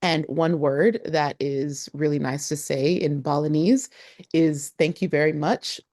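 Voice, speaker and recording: Low-voiced woman teaching travel phrases. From Nigeria. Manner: lively, laughs often, spells words out slowly. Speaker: travel vlogger.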